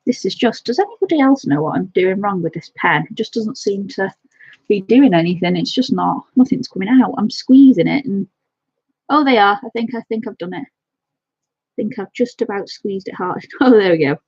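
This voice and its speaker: A woman with a mid-range, slightly mellow voice and a breathy edge chats fondly on a home live stream while colouring, greeting viewers by name. She speaks at a moderate pace with lively intonation. The audio is dull and lo-fi, with no room sound.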